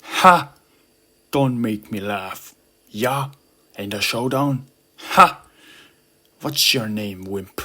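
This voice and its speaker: A giant, hulking young male beetle bully who shouts and sneers at a smaller rival, as a man puts him on. His voice is pushed loud and a little higher, husky and bright. It is an audio storybook. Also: very slow, long pauses, full character voice. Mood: mocking. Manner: loud, mocking, yelling.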